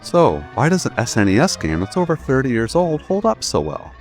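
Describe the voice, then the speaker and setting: A man's voice: medium pitch, wildly swooping pitch, a little fast. A man giving a scripted video essay narration, emphatic and building to punchy statements. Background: faint background music.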